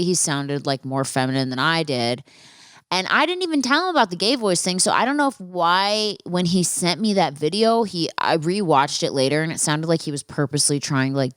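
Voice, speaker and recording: A woman's voice: low voice, a bit bright, clear, resonant tone, no echo, clean studio sound. A woman hosting a casual storytelling podcast, chatty and profane, talking to listeners with friendly asides. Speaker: podcast host.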